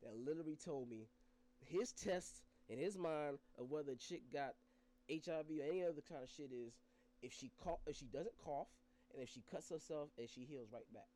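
A man's voice: a little high, brisk. A man in his thirties telling stories in casual chat, swearing freely and acting out what people said. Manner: animated, swearing, acts out quotes in voices.

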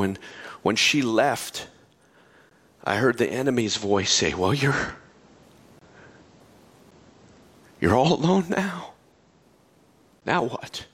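In a lowish voice, a middle-aged man preaches as a pastor, his sermon shifting from quiet stories to soaring, impassioned pleas before easing into hushed, gentle reassurance.

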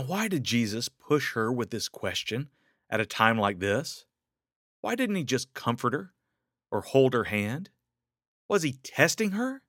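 A man preaching a sermon, rising into urgent questions and dropping to hushed, slow lines. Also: mid-range voice, big pitch swings, no room sound, clean studio sound. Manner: dramatic swings between raised urgent questions and soft hushed lines.

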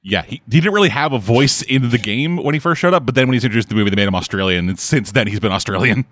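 A man chatting casually while watching a movie, swearing freely and reacting with quick asides. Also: mid-range voice, expressive, a bit bright.

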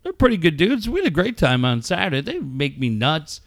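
A middle-aged man co-hosting a radio show, telling excitable stories in casual banter, swearing freely and acting out yelling. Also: fairly high pitch, brisk, gravelly, dry recording, clean studio sound. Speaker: radio co-host.

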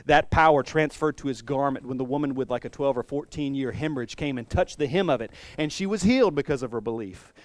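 A man's voice: medium pitch, quick pace, hardly any pauses, dry recording. A male pastor preaching a sermon in a conversational, humorous and musing way.

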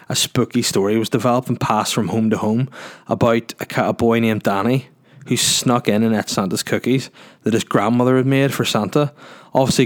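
A man hosting a solo podcast in a rambling, jokey, sweary casual chat. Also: medium pitch. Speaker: podcast host.

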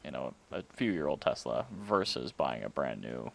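A man co-hosting a casual car podcast, dry and teasing, firing off quick quips. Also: extremely low pitch, sing-song, gravelly, fairly bright tone. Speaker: podcast co-host.

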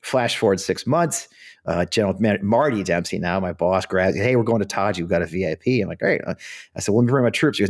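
A middle-aged man from the United States tells his stories at a quick clip, blunt and salted with swearing. His voice sits on the low side. He talks like a podcast guest spinning a yarn. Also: lively intonation. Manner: fast, blunt anecdotes with swearing and laughter. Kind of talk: storytelling in a podcast interview.

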